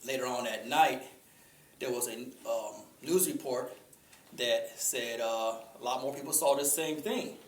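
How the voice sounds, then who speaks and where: A man giving an informal talk to a group, conversational, pausing often with fillers. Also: mid-range voice. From Chicago. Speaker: speaker. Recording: echoey room with faint ambient noise.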